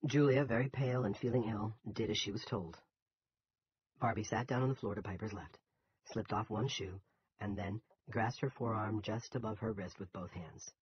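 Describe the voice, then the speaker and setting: A man narrating a novel as an audiobook in a steady storytelling manner. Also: fairly low pitch, normal speed, lo-fi sound, slight background noise.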